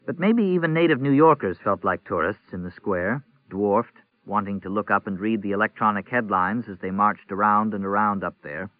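A man with a low voice reads a novel aloud in a measured, even way. The sound is dry and tinny, like a phone line. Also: no echo. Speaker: audiobook narrator. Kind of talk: novel narration.

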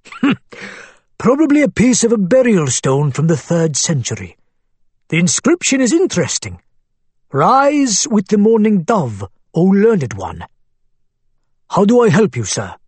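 A man's voice: high-pitched, huge pitch swings, measured pace, long pauses, husky, no room sound, pitched above the performer's own voice, exaggerated voice. A man voicing an old male antiques dealer, shrewd and jovial, with a thick Arabic accent. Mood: jovial, bargaining.

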